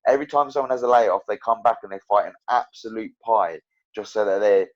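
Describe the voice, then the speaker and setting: This clip features a young man who fights professionally, chatting loosely as an interview guest in a fairly quick, low-leaning voice. His animated stories wander, full of fillers and false starts, and the lo-fi podcast sound is dull.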